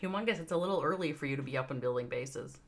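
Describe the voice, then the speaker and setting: Low-voiced Midwestern woman streaming a game. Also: expressive, rapid-fire, slight background noise. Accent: American Midwestern. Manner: chatty, reads out viewer names, thinks aloud while playing. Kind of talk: casual live-stream chat.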